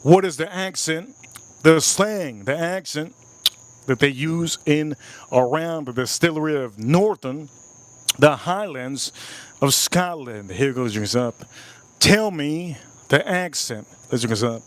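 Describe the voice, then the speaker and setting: A man's voice: fairly high pitch, takes it slowly. A man hosting a live stream, reviewing whiskey and cooking, enthusiastic, repeating phrases and talking to his chat. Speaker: livestream host.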